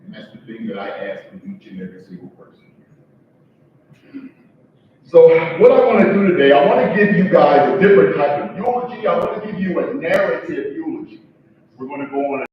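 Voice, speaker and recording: A man, a son, giving a heartfelt, conversational eulogy with joking asides. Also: fairly high pitch. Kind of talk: emotional eulogy speech. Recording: echoey, distant, dull sound with faint background noise.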